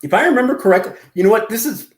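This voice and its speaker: A man with a slightly higher voice chats loosely through his commentary, wandering off into stories and laughing at himself. The room around him rings with echo. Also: lively intonation, rapid-fire. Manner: rambling, self-deprecating, laughs often. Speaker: commentary channel host. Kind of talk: casual reaction commentary.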